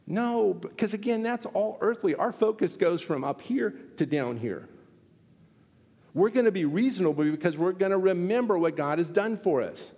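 A man's voice: sits high, normal speed. Man preaching in a reverberant hall. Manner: animated, acts out quoted exchanges. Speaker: pastor. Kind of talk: sermon.

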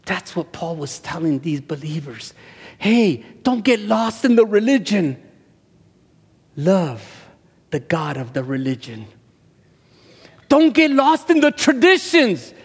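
A male pastor who speaks Spanish as his first language, preaching a sermon that swells into loud, high-pitched passion. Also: very animated, slow pace, long pauses, breathy edge. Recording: echoey hall with long reverb.

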